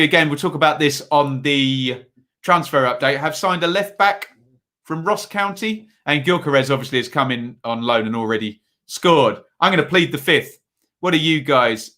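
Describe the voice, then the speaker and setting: A man's voice: medium pitch, bright, forceful tone. A man hosting a casual football preview livestream, chatty and reading viewer comments aloud with lots of filler words.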